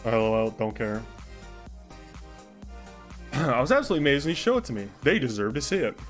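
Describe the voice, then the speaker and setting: A man's voice: medium pitch, very animated, fairly quick, soft background music. Young male streamer, casual story narration with rambling asides. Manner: rambling asides, mixes narration with chat comments. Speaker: streamer narrating a role-play.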